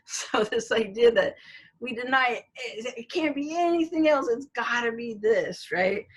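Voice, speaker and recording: A woman's voice: medium pitch, a bit bright, husky, low-quality recording. A middle-aged woman, a college instructor, giving a recorded online lecture in a conversational way, with many fillers and storytelling asides.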